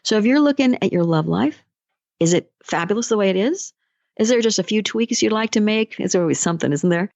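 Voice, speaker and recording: Gravelly motivational podcast woman. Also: medium pitch, lively intonation, a little fast, darkish tone, no echo, muffled recording. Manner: conversational, storytelling. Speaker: life coach podcast host. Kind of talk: motivational solo podcast talk.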